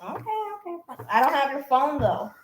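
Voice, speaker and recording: A woman with a somewhat high voice, chatting as a daughter with her mother. She is playful and a little whiny, joking her way out of reading aloud. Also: sing-song, normal speed. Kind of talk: casual chat.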